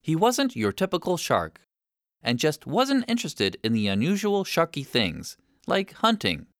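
A narrator reading a children's story aloud in a clear, steady, expressive way. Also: medium pitch, measured pace, no echo.

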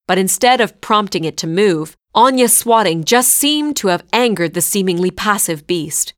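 A woman narrating a scripted story in a clear, measured way. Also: mid-range voice, lively intonation, dry recording, clean studio sound.

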